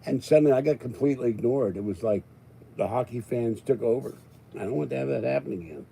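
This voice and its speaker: Older man hosting a livestream, dark-voiced. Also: mid-range voice, fast, vocal fry, a little hiss or hum, rough recording. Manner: rambling, exasperated, raises voice then calms. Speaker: livestream host. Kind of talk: live-stream chat with viewers.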